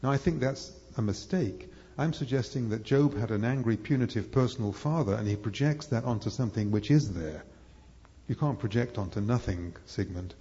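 A man's voice: medium pitch, moderate pace, warm tone. A man giving a live lecture to an audience, rambling and hesitant, with many fillers and restarts. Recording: echoey hall, dull lo-fi sound.

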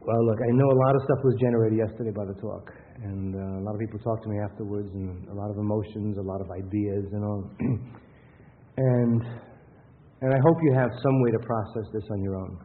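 A man's voice: on the low side, fairly even intonation, a little fast. A man giving a lecture with anecdotes in a rambling, conversational way, often restarting his sentences. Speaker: workshop lecturer. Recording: tinny phone-like sound with faint hiss.

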